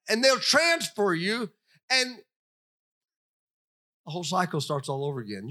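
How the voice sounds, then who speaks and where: An older man preaching a sermon, animated and storytelling, acting out the voices he quotes. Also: high-pitched, moderate pace, long pauses. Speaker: pastor.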